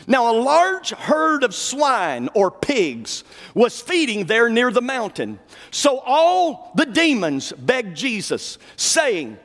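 A male preacher delivering a fervent sermon, dropping to low asides and rising to shouted declarations. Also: very animated, slow, long reverb tail.

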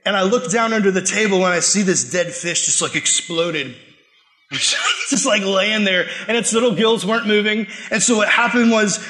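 High-voiced man preaching animatedly. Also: normal speed. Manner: animated, acts out quotes and laughs while telling stories. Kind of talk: sermon with personal storytelling.

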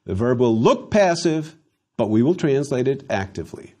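A man teaching a Latin lesson, slowly drilling phrases for students to repeat, with dry humor. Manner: dry humor, slow emphatic drills with lively pitch. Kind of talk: recorded language lesson.

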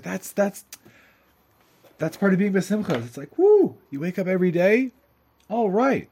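A man gives a lesson on a story, reading it aloud and translating as he goes. He talks in a lively, chatty way and keeps drifting into asides. His voice sits fairly high for a man. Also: breathy edge. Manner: animated, chatty, often breaks into asides. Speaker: teacher.

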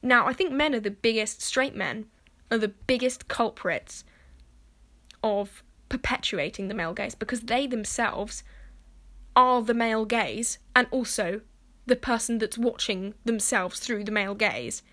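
A woman's voice: a little high, unhurried, fairly bright tone. Chatty young woman, swears a lot. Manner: chatty, swears freely, fills speech with "like". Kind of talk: casual monologue to camera.

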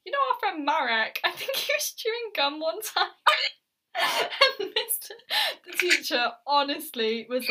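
A woman's voice: high voice, moderate pace. A young woman co-hosting a podcast in casual chat, swearing freely and laughing as she tells stories. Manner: swears freely, laughs often, animated storytelling. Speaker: podcast co-host.

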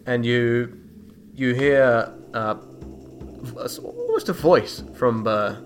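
A man's voice: mid-range voice, big pitch swings, slow pace, soft background music. A man narrating as game master in a tabletop game, with a hesitant, filler-heavy delivery.

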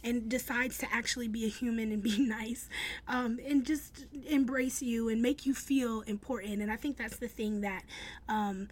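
A woman's voice: on the high side, steady tone, normal speed. A young adult woman blogger telling a casual story, upbeat and chatty, full of fillers and restarts.

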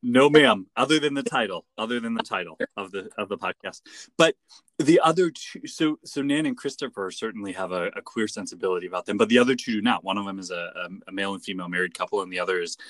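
A man's voice: on the low side, lively intonation, quick pace, a bit bright, no room sound. A man co-hosting a podcast in casual chat, talking in a playful, digressive way. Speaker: podcast co-host. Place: remote recording, not with co-host.

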